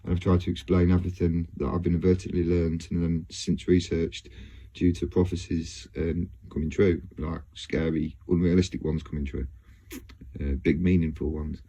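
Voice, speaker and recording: Man, husky, casual rambling vlog talk, hesitant with fillers. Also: low voice, little pitch movement, moderate pace, mellow. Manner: hesitant, many fillers and restarts, laughs often. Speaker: video blogger.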